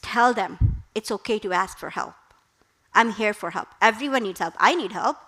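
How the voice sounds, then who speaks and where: A middle-aged woman, a therapist, speaking as a guest speaker on parenting, calm and instructive. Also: medium pitch, normal speed, poor audio. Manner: calm, instructive, with acted quotes. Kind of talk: parenting talk.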